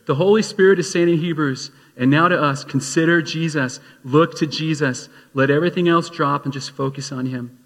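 A male pastor delivering a sermon, moving from storytelling into emphatic appeals. His voice sits a little high and has a husky edge. It rings out with a long reverb, as if he is in a large hall. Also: a little fast. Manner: storytelling, rising to emphatic exhortation.

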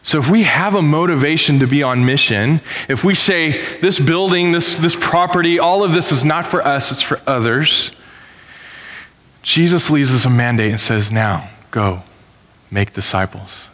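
A male pastor giving a conversational sermon, telling stories and sometimes jumping up sharply in pitch. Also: normal speed. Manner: conversational storytelling, animated with sudden pitch jumps. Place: church. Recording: long reverb of a church hall.

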